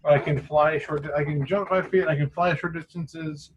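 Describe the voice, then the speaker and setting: A man's voice: on the high side, fairly even intonation, moderate pace, slight background noise, poor audio. A man playing a tabletop game, asking hesitant rules questions as he plans his move. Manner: hesitant, checks the rules aloud. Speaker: player.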